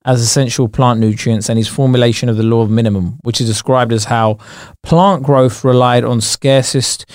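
A man's voice: mid-range voice, steady tone, normal speed, no echo, clean studio sound. A man co-hosting a casual podcast, bantering with playful mock outrage and laughing often. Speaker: podcast co-host.

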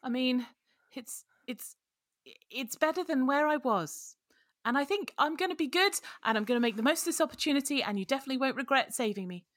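A woman's voice: sits high, lively intonation, brisk, a bit bright, dry recording, clean studio sound, pitched above the performer's own voice. A woman voicing a nervous but hopeful young girl who has just joined a ship's kitchen. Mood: earnest. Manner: timid, earnest.

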